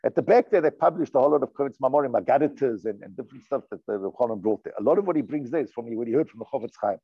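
Reading Hebrew text aloud and translating it, this rabbi gives a class in the form of a storytelling lesson, often restarting and repeating himself in an earnest, emphatic way. His mid-range voice is expressive, rapid-fire and slightly rough. The audio is dry and dull.

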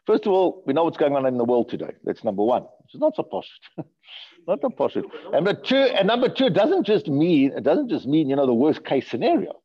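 A man giving a Torah lecture in a lively voice that rises and falls. He sounds gravelly and a little husky, and he keeps asking questions and repeating words. The recording is dull and lo-fi. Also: fairly high pitch, fairly quick. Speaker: rabbi teaching a class.

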